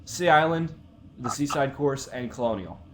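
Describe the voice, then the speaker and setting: A young man of middle pitch talks through his picks in a relaxed podcast chat. He is analytical and leans on stats, with "um" and "uh" scattered through. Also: normal speed, noisy background. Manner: analytical, stat-heavy, with fillers. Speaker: podcast co-host. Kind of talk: casual sports picks chat.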